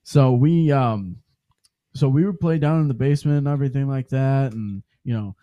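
A man's voice: mid-range voice, normal speed, no room sound, dull audio. A young man from Michigan in casual chat, telling a crude funny story with a joking manner. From Flint, Michigan. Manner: joking, crude, laughs often.

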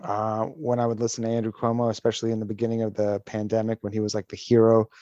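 A man's voice: on the low side, monotone, quick pace, mellow, dry recording, muffled recording. A man hosting a casual podcast chat, ranting animatedly and profanely with frequent restarts. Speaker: podcast host.

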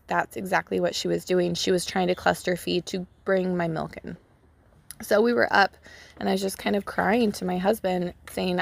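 Chatty young woman with a gravelly edge. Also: lowish voice, slight background noise. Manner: chatty, lots of "like" and "um". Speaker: podcast host. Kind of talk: casual personal storytelling. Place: outdoors, child playing in water nearby.

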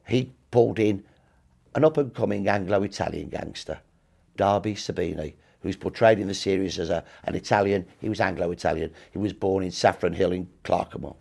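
Low-voiced emphatic older male historian. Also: moderate pace, vocal fry, darkish tone. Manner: emphatic, punchy short clauses. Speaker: historian guest. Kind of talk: storytelling history interview.

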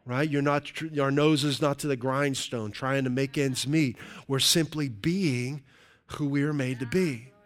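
A man's voice: mid-range voice, fairly even intonation, unhurried. A middle-aged male pastor giving a conversational sermon, checking in with the congregation with frequent "right?"s.

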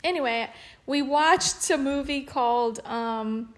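A woman's voice: high-pitched, slow. A woman with a New Orleans accent, chatting casually and telling stories animatedly as a podcast co-host. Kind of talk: casual chat.

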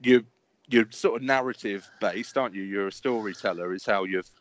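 A man's voice: on the low side, normal speed. A man hosting a casual interview, musing thoughtfully and stumbling over repeated words. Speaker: podcast interviewer.

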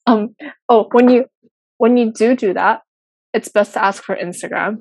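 Husky-voiced young woman podcaster. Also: on the high side, normal speed, darkish tone, no echo, low-quality recording. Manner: chatty, filler-heavy, giggly. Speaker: podcast co-host. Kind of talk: casual chat.

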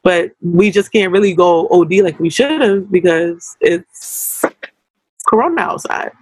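A young adult woman co-hosting a casual podcast, talking in an animated, slangy way with quick asides. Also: lowish voice, breathy edge, no room sound, low-quality recording. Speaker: podcast co-host.

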